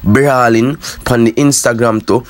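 A man with a Jamaican accent chatting casually to his viewers as a dancehall news commentator, in animated patois. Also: mid-range voice, unhurried.

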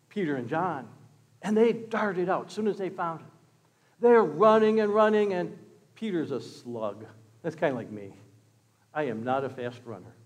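A pastor telling a story in a sermon, swinging from loud exclamations to hushed words. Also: male voice, high-pitched, big-room sound. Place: church.

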